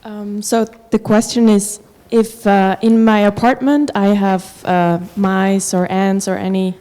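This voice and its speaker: A woman from the audience asks a question in a halting way, full of fillers and restarts. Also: medium pitch, level tone, mellow. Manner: hesitant, halting, many fillers. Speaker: audience member asking a question.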